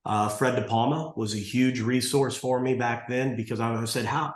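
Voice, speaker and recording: A man's voice: medium pitch, steady tone, normal speed. A man in his sixties, a martial arts school owner, telling stories in a casual interview, rambling with restarts and acting out dialogue. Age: 60s. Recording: roomy echo.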